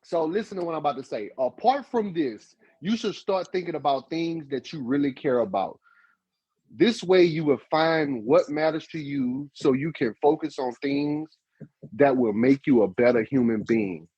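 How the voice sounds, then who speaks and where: A man's voice: a little high, animated, normal speed, dark tone, husky, no room sound, muffled recording. A man co-hosting a relationship advice podcast, talking casually and animatedly, with emphatic repeats. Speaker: podcast co-host.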